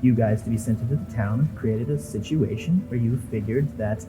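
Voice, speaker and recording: A contemptuous villainess who sneers and swears at her foes, put on by a game master in a mid-pitched male voice. She gloats in a tabletop role-play podcast, over faint background music. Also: fairly quick, warm tone, lightly acted, poor audio. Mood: gloating. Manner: taunting, mocking, swears freely. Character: smug scheming female villain, contemptuous.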